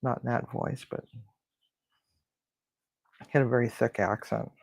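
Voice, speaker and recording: Cooking-stream host, unhurried and chatty, mutters to themself mid-task, dry close sound. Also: mid-range voice, fairly even intonation, creaky, no room sound. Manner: chatty, mutters and grumbles to self while cooking. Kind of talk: casual live cooking chat. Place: home kitchen.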